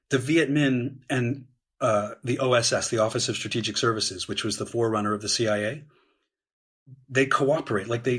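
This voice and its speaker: A man speaking as a guest historian on a podcast, explaining at length in a measured way with frequent "um"s and "right?"s. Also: mid-range voice, a bit bright, slightly rough.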